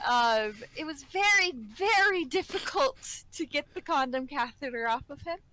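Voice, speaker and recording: Bright high-voiced woman telling stories. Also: animated, unhurried, no room sound, low-quality recording. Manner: laughs often while telling stories. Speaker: podcast co-host, care worker. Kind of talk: casual storytelling chat.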